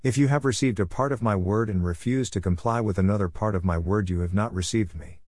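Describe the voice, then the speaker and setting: A man's voice: fairly low pitch, brisk, a little mellow, dry recording, studio quality, close to an everyday voice. A man voicing the Lord as a stern, solemn judge in a retold vision.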